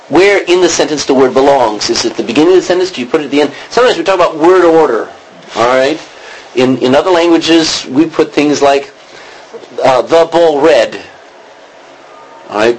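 Poor audio captures a male Greek teacher's mid-range, somewhat breathy voice. He gives a classroom lecture, circling around his explanations and pausing to check on his students.

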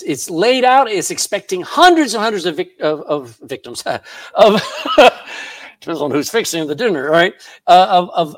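A man's voice: on the high side, no room sound. A man preaching a sermon in church, reading scripture aloud and laughing at his own jokes. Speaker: pastor.

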